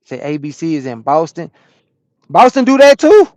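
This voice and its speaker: A man from Atlanta, a truck driver chatting casually on a live stream and answering viewers' comments in a relaxed, repetitive way. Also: on the high side, moderate pace, dry recording, clean studio sound. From Atlanta, USA.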